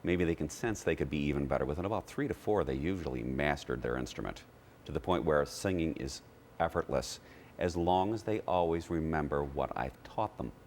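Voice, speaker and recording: A man with an extremely deep voice explains singing technique as a TV guest, stopping now and then to demonstrate vowels. His speech is steady and explanatory. A faint hiss of noise sits under the recording. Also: fairly quick. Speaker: voice teacher. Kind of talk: TV interview, explaining with sung demos.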